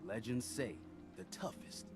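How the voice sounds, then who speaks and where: An actor playing a gruff male islander who recounts an old legend in game dialogue. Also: mid-range voice, big pitch swings, measured pace. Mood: storytelling. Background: game music.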